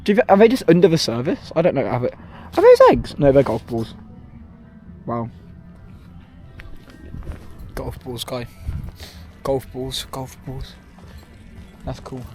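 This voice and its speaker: A man's voice: mid-range voice, sing-song, a little slow, long pauses, a little mellow, faint music behind. A young man, vlogging outdoors at a theme park, ranting and rambling with frequent self-corrections. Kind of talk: walking vlog commentary. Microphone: handheld camera.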